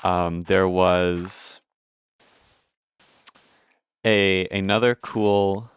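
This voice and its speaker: A man's voice: deep voice, fairly even intonation, drawn-out words, clear, resonant tone, dry recording. A man giving casual, rambling commentary while playing a game, swearing often and poking fun at himself. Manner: rambling, profane, self-deprecating. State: out of breath. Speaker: gameplay streamer.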